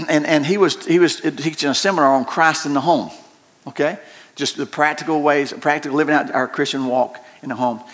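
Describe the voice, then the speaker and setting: A man's voice: fairly even intonation, brisk, a bit bright. A man preaching a sermon, telling stories in a folksy way, laughing and swinging his voice up and down. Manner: folksy storytelling with laughs and shifting pitch. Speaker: pastor.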